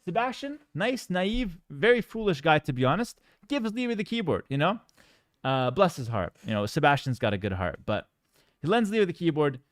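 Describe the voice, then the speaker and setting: Animated high-voiced man telling a story. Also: moderate pace, dry recording. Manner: animated, joking, exaggerated mock outrage. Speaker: streamer. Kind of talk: casual storytelling on stream.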